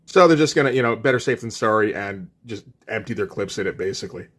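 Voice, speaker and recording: A man's voice: fairly low pitch, steady tone, fast, fairly bright tone. A man casually recapping a comic book issue, retelling scenes and quoting the characters in a loose, conversational way.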